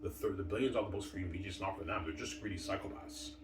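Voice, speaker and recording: A man's voice: sits low, racing, noisy background. A man ranting in a rambling, profane, aggrieved solo monologue. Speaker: vlogger. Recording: echoey room, far from mic.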